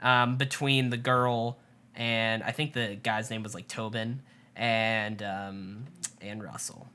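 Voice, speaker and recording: A woman co-hosting a casual TV recap chat, retelling scenes with lively quoted asides. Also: extremely low pitch, takes it slowly, smooth. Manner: chatty, animated retelling with quoted asides and laughs. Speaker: podcast co-host.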